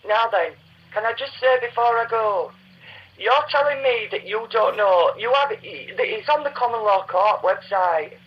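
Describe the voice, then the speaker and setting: A woman's voice: fairly high pitch, lively intonation, unhurried, husky. A woman, agitated and insistent, stammering as she argues on a recorded phone call. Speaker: caller disputing council tax.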